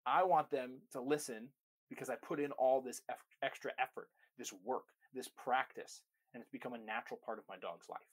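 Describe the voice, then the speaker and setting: A man's voice: medium pitch, fairly quick. A young man, a dog trainer, giving an instructional talk with an emphatic delivery, repeating key phrases for weight.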